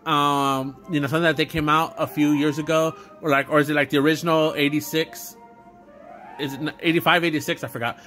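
Rambling young man with a bright voice. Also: on the high side, fairly even intonation, fast, soft background music. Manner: rambling, many fillers and restarts. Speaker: YouTuber doing an unboxing video. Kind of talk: unscripted casual vlog talk.

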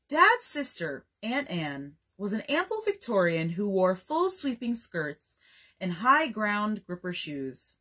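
A young woman librarian reads a bedtime story aloud with a lively, rising and falling voice. Her tone is soft and a little breathy, and she gives each bit of dialogue its own voice. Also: medium pitch, slow pace.

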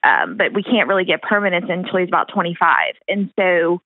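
A woman's voice: on the low side, sing-song, brisk, no echo. A woman calling in to an advice show, explaining her situation earnestly with plenty of fillers. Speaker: caller. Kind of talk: phone call to an advice show. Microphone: phone. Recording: tinny phone line.

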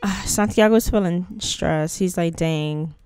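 Woman host, casual gameplay chatter, playful and slangy; smooth voice, dry close mic. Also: mid-range voice, measured pace, no echo. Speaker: gaming channel host.

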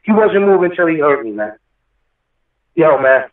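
A man's voice: a little high, big pitch swings, moderate pace. Emotional man, over a phone line. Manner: emotional, rambling, swears often. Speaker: guest rapper. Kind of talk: storytelling interview over the phone. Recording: echoey, far-off phone line.

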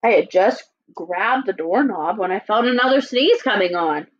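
A woman's voice: mid-range voice, normal speed, natural voice. A woman reading as a sly, chatty storybook wolf. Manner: lively, storytelling, playfully indignant. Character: sly, chatty male wolf telling his side. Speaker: teacher. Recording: dull lo-fi recording.

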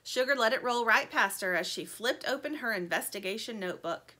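Bright, animated woman reading a storybook. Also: a little high, a little fast. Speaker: narrator. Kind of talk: reading a children's story aloud.

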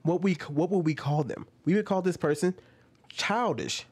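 A man's voice: a little high, moderate pace, darkish tone, husky. Argumentative man asking rhetorical questions. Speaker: commentator. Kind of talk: reaction commentary.

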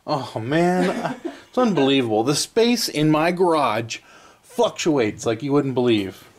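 This arcade repair host talks a little slowly in a slightly high voice with big swings in pitch. Working in his cluttered garage, he keeps it casual, drifting into rambling asides, cutting himself off, and chuckling.

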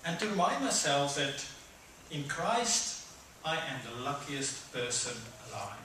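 A man's voice: very animated, a little slow, far from the mic, a little hiss or hum. Man preaching in an echoey church hall. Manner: conversational, acts out voices with sudden loud high bursts. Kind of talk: sermon. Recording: echoey hall, speaker away from mic.

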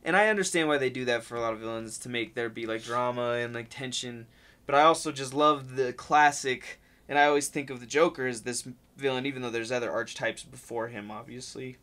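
A man co-hosting a comics podcast in casual chat, animated and swearing often, sometimes acting out lines loudly. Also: medium pitch, fairly quick. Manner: animated, swears a lot, acts out quotes loudly. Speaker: podcast host.

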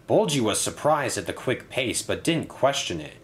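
A man narrating a toy-train story in a lively, expressive storybook style. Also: medium pitch, moderate pace.

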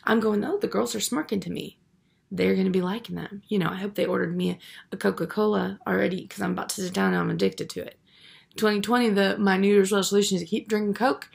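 A man's voice: sits high, fairly even intonation, fast talker, creaky. A man playing a vain, self-absorbed young woman in a comedy monologue, rambling and self-pitying with garbled grammar. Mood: oblivious, aggrieved.

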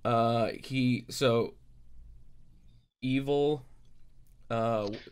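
A man narrating as game master, halting and full of fillers. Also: mid-range voice, fairly even intonation, smooth.

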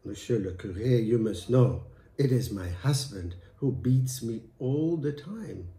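A man's voice: mid-range voice, expressive, a little slow, warm tone, distant mic. A man voicing a meek young peasant wife who pleads in a raised voice. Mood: pleading. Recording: echoey room.

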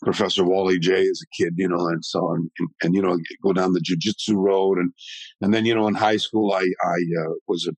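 A man in his sixties, a martial arts historian telling stories as an interview guest in an animated, rambling way. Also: low-pitched, a little fast, dry recording, poor audio. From Canada. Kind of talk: conversational storytelling.

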